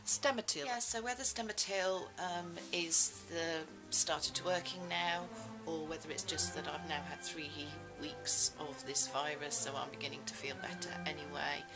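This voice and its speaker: A woman's voice: sits low, fairly even intonation, normal speed, over music, rough recording. A middle-aged woman vlogging in a rambling, self-mocking way, full of fillers. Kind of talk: casual chat.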